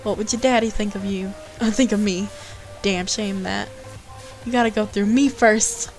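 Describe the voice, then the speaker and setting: Brief: woman doing a taunting young male thug, tough-guy drawl, mid pitch. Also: fairly even intonation, normal speed, faint music behind, close to an everyday voice, low-quality recording. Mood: mocking.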